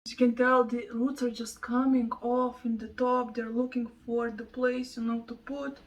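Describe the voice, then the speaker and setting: A woman chatting excitedly in a casual home plant vlog, gushing over her plants and thanking viewers. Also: fairly high pitch, normal speed, far from the mic, low-quality recording. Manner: gushing, excitable, breaks into laughs. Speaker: plant vlogger. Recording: voice a bit off-mic.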